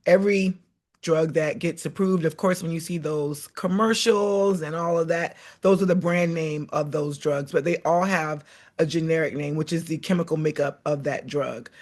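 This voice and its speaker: A woman on a panel, clearly explaining a point to viewers. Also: low voice, fairly even intonation, moderate pace, a little mellow. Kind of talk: explanatory talk.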